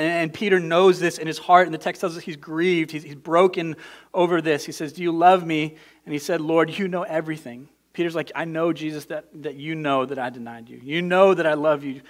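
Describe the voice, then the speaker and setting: Male pastor preaching, earnest and repetitive, a touch high-pitched. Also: a bit bright. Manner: earnest, repeats words, builds to emphatic peaks. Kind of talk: sermon.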